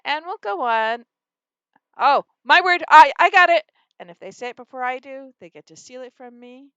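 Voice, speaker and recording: Woman, reading teacher, classroom phonics game walkthrough, lively, dry recording. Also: high voice, moderate pace, no room sound, highs cut off. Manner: animated, acts out student answers.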